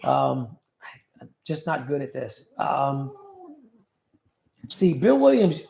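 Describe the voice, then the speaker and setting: A man's voice: mid-range voice, big pitch swings, slow pace, creaky, darkish tone. A middle-aged man hosting a casual livestream, joking and reading out viewer comments. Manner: jokey, reads out viewer comments. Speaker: livestream host.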